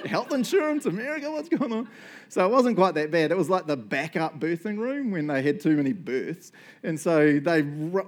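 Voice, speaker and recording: Animated New pastor, somewhat high voice. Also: male voice. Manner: animated, acts out quotes, frequent "right?" and "um". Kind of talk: storytelling sermon.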